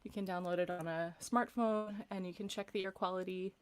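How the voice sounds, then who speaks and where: A young adult woman vocal coach leading a live-streamed vocal warm-up from a paneled room at home, chatty and encouraging between exercises. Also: lowish voice, steady tone, fairly quick, clean tone, no room sound. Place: room with acoustic paneling, windows closed.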